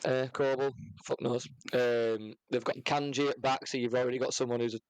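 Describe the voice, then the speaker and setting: A young man co-hosting a casual football chat, relaxed and contrary in a matter-of-fact way. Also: medium pitch, a little fast, smooth, no room sound, low-quality recording. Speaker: podcast co-host. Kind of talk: casual banter.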